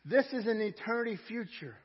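A male pastor preaching a sermon, repeating key phrases and swinging between loud proclamation and hushed storytelling. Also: high-pitched, animated, a little fast, husky, highs cut off.

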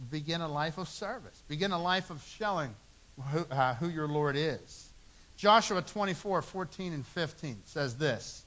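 A man's voice: sits high, bright, forceful tone. A middle-aged man preaching a sermon, earnest, repeating phrases for emphasis. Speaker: pastor.

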